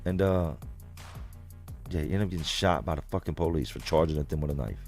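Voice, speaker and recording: Speaking fairly quickly in a low, deep voice, a livestream host reads comments and tells a story directly to his viewers. His manner is blunt, casual, and full of swearing, while soft music plays faintly behind him.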